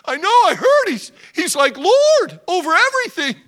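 A male preacher voicing an elderly father who cries and laughs with joy in high, cracking cries. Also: big pitch swings, moderate pace, pushed and bright, exaggerated voice. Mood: overjoyed weeping. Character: aged father overjoyed, weeping with joy.

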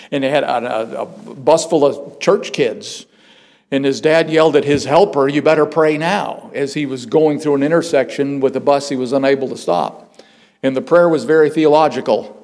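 Male pastor, voice sitting a touch high, earnest conversational sermon delivery. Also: darkish tone. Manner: earnest, conversational with rhetorical questions. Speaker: preacher.

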